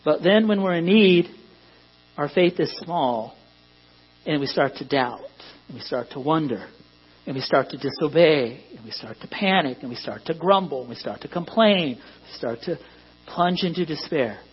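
A man's voice: on the high side, expressive, normal speed, husky. A man preaching a sermon to a congregation in a conversational way that rises to emphatic peaks. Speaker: pastor. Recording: dull lo-fi recording with mains hum.

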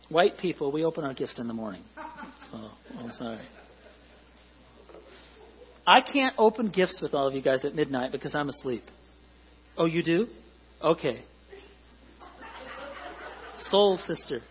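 A middle-aged pastor preaching in a church hall, conversational and joking with the congregation. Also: male voice, a little high, lively intonation, moderate pace, long pauses, dull audio. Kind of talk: sermon.

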